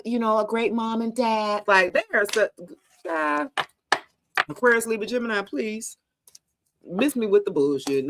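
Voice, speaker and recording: A woman's voice: mid-range voice, fairly bright tone. Woman doing tarot live, swears a lot and keeps laughing, says y'all, aave. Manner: casual, profane, laughing often, talks to viewers as y'all. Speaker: tarot reader.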